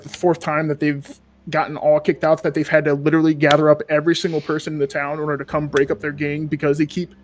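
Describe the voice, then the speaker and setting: A man acting as game master, narrating a tabletop game casually with a lot of rambling and fillers. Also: fairly high pitch.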